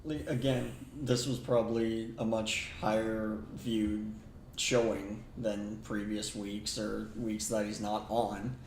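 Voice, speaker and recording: A man's voice: fairly low pitch, flat delivery, takes it slowly, reverberant, slight background noise, rough recording. A man co-hosting a podcast in casual chat, laid-back and agreeable. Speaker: podcast co-host.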